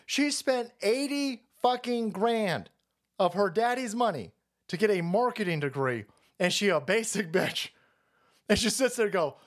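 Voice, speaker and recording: A man's voice: high voice, expressive, a little slow. A man hosting a livestream, ranting in a profane, mocking and abrasive way. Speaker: streamer host. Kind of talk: livestream rant.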